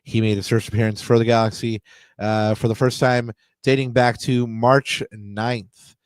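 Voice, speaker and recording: A man co-hosting a casual sports podcast, his voice smooth and clean with a mid-range pitch. He reads stats conversationally, stumbling into frequent fillers and restarts. The recording is dry and close, with no room sound. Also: level tone, normal speed, no room sound. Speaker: podcast co-host.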